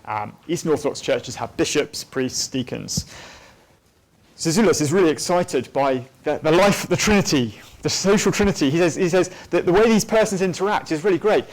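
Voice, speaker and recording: A man with a voice on the high side gives a church teaching talk on theology in a church hall during a weekend away. He's expressive and a little fast, thoughtful and unscripted, with frequent ums and restarts.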